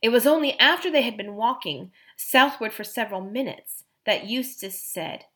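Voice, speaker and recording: A woman narrating a children's fantasy audiobook, expressive and voicing each character. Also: on the high side, moderate pace, few pauses. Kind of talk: storybook narration.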